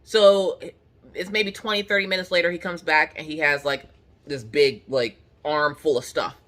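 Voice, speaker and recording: Bright-voiced woman telling a dramatic story. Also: sits low, normal speed. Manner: animated, dramatic, swears freely. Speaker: crafting channel host. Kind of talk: casual storytelling chat.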